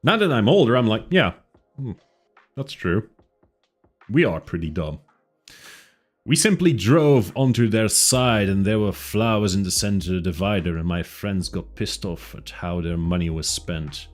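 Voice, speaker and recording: A man's voice: lowish voice, moderate pace, hardly any pauses, soft background music. A man from Flanders, chatting casually on a livestream in a rambling, self-mocking way. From Flanders, Belgium. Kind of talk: casual chat.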